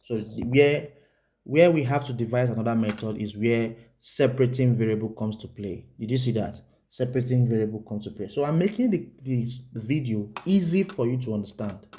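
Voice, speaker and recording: Male maths tutor, relaxed dark tone, repetitive and checking in with the viewer. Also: mid-range voice, fairly quick. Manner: repetitive, asks the viewer rhetorical check questions; writes on the board while explaining. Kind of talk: whiteboard maths lesson.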